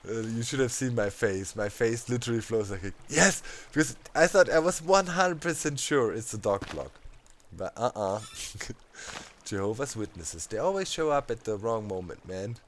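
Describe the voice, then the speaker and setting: A man's voice: on the low side, normal speed, slight background noise. A man, a let's play host in his thirties, telling a story over gameplay with lots of laughs and casual fillers. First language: German. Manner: animated, laughing, heavy on fillers like "you know, man".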